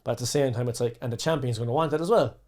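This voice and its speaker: A young man co-hosting a podcast, chatting casually and eagerly jumping in with his opinions. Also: mid-range voice. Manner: animated, quick to jump in with opinions. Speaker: podcast co-host. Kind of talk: casual chat.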